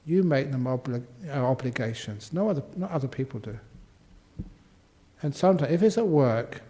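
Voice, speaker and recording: A man's voice: medium pitch, expressive, moderate pace, dark tone. An older man, a Buddhist monk answering questions in a humorous dharma talk, playfully acting out quotes and sound effects.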